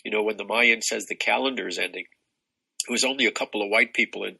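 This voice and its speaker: A man's voice: lowish voice, fast, creaky, bright, forceful tone, slightly rough, rough recording. An older man talking as a spiritual teacher guest in an expansive, rambling way, with many restarts. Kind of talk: casual spiritual conversation.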